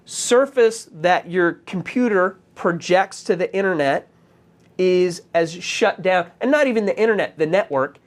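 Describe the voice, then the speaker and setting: A man teaching a conversational tech course, talking with many fillers, restarts and halting pauses. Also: high voice, animated. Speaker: course instructor.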